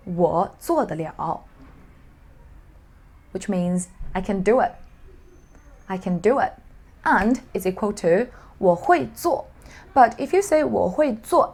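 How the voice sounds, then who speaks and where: A woman teaching an online language lesson, explaining clearly and dropping to a whisper for asides. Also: medium pitch, darkish tone.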